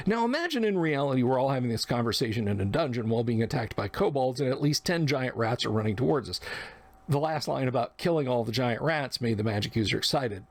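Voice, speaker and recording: A man's voice: medium pitch, animated, brisk. A man narrating a personal memory of his first tabletop game, acting out the quoted lines in between. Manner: reflective, acts out quoted lines. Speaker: podcast narrator. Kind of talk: storytelling memoir.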